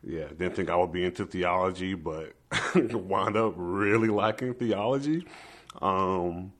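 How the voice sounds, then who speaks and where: Young male guest, very low voice, earnest storyteller. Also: a little slow, fairly bright tone. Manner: earnest, emotional, quotes himself and others. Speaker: activist guest. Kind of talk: personal storytelling in conversation.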